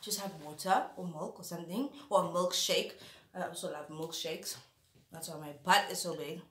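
Woman vlogging while she eats, dramatic and chatty, bright voice, echoey room. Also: fairly low pitch, normal speed. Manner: theatrical, animated, chatty. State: mouth full, eating spicy food. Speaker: YouTuber. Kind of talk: casual eating vlog chat.

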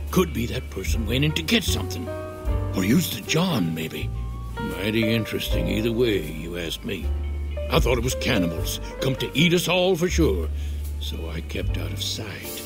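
An actor playing a paranoid, nervous old man who talks in a folksy, rambling drawl, in a video game. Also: on the low side. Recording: game audio under music.

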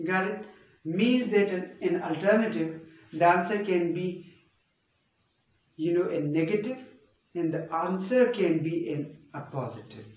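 A man's voice: sits high, measured pace, pauses often. A man giving a grammar lecture in a classroom, often stopping to check that listeners follow. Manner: checks understanding with frequent rhetorical prompts. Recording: echoey, dull room sound from far off.

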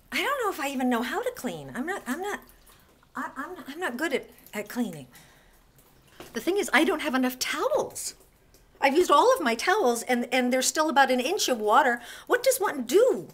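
A woman's voice: high-pitched, sing-song, normal speed, pauses often, a bit bright. A woman filming a casual home video in her apartment bathroom, exasperated and self-mocking as she talks to the camera. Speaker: vlogger. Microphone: handheld camera.

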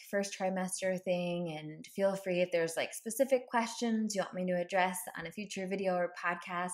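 A woman podcast host telling a personal story in a casual, chatty way, laughing often and filling with likes and ums. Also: lowish voice.

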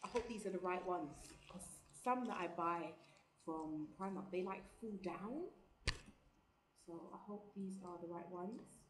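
A young woman from England chatting excitedly as she unpacks a parcel in a casual vlog, thinking aloud. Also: fairly low pitch, measured pace. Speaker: vlogger. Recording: echoey room, background noise.

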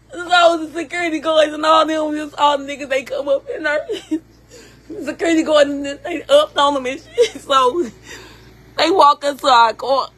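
Her voice sits high with a fairly bright tone as this Southern American woman shares a moving personal story. She punctuates it with an emphatic "you hear me?" again and again.

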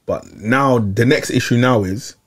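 Unhurried and mid-range, this young podcast regular's voice carries a long, slang-heavy personal story that he tells animatedly, circling back to repeat himself in casual conversation.

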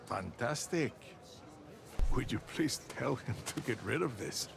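Game role: a gruff, gravelly-voiced injured soldier father who speaks slowly and drops in Spanish. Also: mid-range voice, lively intonation, background noise.

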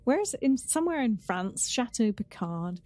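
A woman's voice: a little high, sing-song, a little slow, mellow, no room sound. A woman co-hosting a podcast in casual chat, chatty and teasing. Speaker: podcast co-host.

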